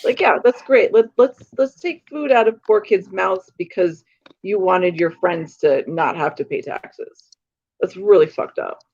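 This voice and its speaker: A woman in casual chat with friends, outspoken and quick to laugh. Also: mid-range voice, darkish tone, highs cut off.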